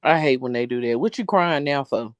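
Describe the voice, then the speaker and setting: A woman's voice: rumbling low, animated, brisk, dry recording, dull audio. A woman, a guest in a casual live-stream chat, speaking emphatically and repeating phrases for effect. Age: 30s. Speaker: guest co-host.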